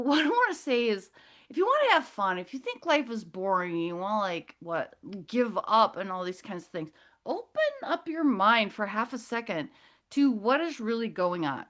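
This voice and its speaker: A woman's voice: high voice, a bit bright. A middle-aged woman telling a rambling personal story as a guest speaker, losing her thread and apologizing as she goes. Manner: scattered, loses her thread, apologetic asides.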